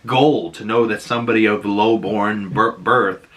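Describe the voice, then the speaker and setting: A podcast host recapping an episode in a casual, animated way and breaking off for asides. His voice is bright and forward. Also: fairly low pitch, a little slow.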